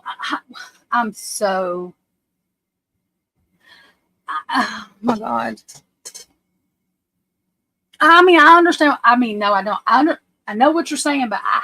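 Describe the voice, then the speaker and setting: A woman's voice: sits high, bright, forceful tone, no echo, low-quality recording. A woman hosting a casual livestream, anxious and flustered, often breaking off and restarting her sentences. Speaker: livestream host.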